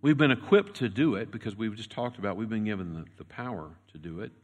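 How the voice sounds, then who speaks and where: A man preaching a sermon as pastor, telling a story and swinging from loud, urgent lines to hushed, quiet ones. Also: fairly low pitch, fast. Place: church sanctuary. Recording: long reverb with faint music.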